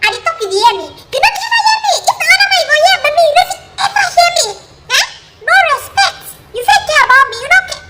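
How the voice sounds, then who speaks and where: A woman voicing a whiny, guilt-tripping Nigerian mother who complains in shrill, shouted Nigerian Pidgin. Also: big pitch swings, slight background noise, heavily acted. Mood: wailing, accusing. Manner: rapid accusing complaints.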